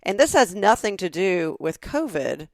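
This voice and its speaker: A middle-aged woman from the southern United States co-hosting a podcast, telling stories in a lively chatty way and acting out the voices she quotes. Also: mid-range voice, a little slow, no room sound. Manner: animated storyteller, acts out quoted voices. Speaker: podcast co-host. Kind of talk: casual chat.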